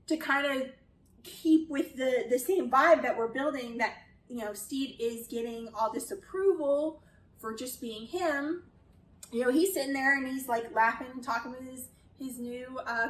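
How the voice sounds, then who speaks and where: Woman, high voice, casual critique, chatty and exasperated, roomy distant sound. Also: measured pace, slight background noise. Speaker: video essayist.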